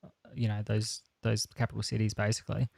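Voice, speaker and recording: A man's voice: fairly low pitch, vocal fry, no room sound. A man from Adelaide with a South Australian accent, co-hosting a casual tech podcast and running through news items with dry jokes. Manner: relaxed, dry joking, brisk rundown of news items. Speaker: podcast co-host.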